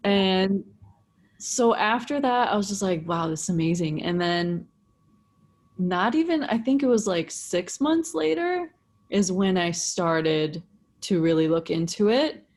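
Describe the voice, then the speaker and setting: A young woman, a breathwork facilitator, telling her story in casual chat, animated, swearing freely and saying "like" a lot. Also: mid-range voice, a little slow. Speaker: breathwork facilitator, podcast guest.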